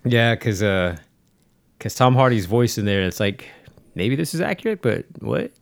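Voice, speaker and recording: A man's voice: fairly low pitch, very animated, normal speed, creaky, no echo, studio quality. A man co-hosting a podcast, chatting casually in a rambling way and swearing freely. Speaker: podcast co-host. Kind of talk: casual chat.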